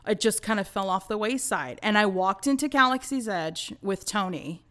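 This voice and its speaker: A woman in her forties chats as a podcast guest. She tells her stories with excitement and laughs often. Her voice sits at a middle pitch. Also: normal speed. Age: 40s. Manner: excitable storyteller, bursts of laughter. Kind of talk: casual podcast chat.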